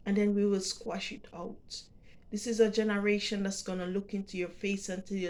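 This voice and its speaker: A middle-aged woman with a Jamaican accent, telling a personal story to camera in a halting, heartfelt way, often repeating words. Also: medium pitch, flat delivery, darkish tone. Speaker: vlogger.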